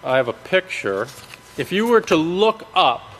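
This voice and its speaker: A man giving a sermon, teaching from scripture in a halting way with many ums, restarts and checks of "okay?". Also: on the high side, sing-song, a bit bright, a little hiss or hum. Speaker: preacher. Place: large worship hall. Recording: long reverb of a large hall.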